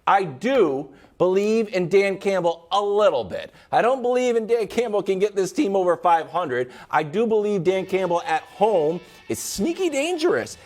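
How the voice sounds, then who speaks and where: Animated man talking football picks. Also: high voice, normal speed, hardly any pauses, soft background music. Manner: animated, jokey, self-mocking. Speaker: sports show co-host. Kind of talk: playful sports debate.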